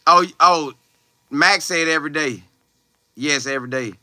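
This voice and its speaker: A man's voice: fairly high pitch, moderate pace, sharp tone, dry recording, studio quality. Young man chatting loosely on a livestream. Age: young adult. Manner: loose, slangy, chatty, with exclamations. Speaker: college football player livestreaming. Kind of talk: casual live chat, reading viewer comments aloud.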